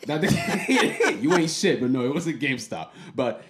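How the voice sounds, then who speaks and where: Male podcast host, animated storyteller, roomy echoey sound. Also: a little slow, background noise. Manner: animated, swings into high-pitched voices for quoted people. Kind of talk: casual storytelling chat. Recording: roomy echo.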